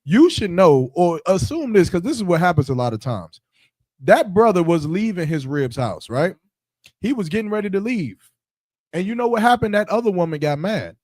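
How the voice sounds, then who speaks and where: A man's voice: high-pitched, very animated, normal speed, a little mellow, no room sound, studio quality. A man co-hosting a podcast in casual chat, preaching his point and acting out the voices of the people in his stories. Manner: preachy, acts out quoted voices. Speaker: podcast co-host.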